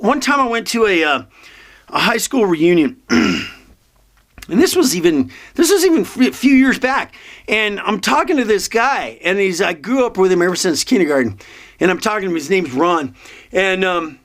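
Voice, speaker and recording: A man's voice: high-pitched, lively intonation, moderate pace, creaky, fairly bright tone. A man in his fifties talking in a rambling monologue, meandering through thoughts with frequent restarts and fillers. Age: 50s. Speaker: motivational vlogger.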